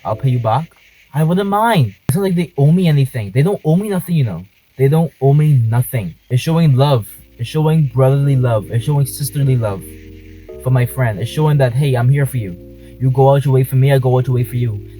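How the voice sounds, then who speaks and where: Guy ranting passionately in his car, mellow voice, faint music behind. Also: medium pitch, a little fast, poor audio. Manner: passionate, emphatic, repeats points. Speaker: vlogger. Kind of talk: talking to camera in a car. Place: inside a car.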